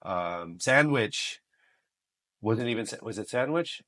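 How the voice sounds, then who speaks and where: A man raised in the United States, telling stories as a guest on a podcast, joking and animated. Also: fairly low pitch, slow. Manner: animated, joking, mixes in Filipino phrases. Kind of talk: casual interview storytelling.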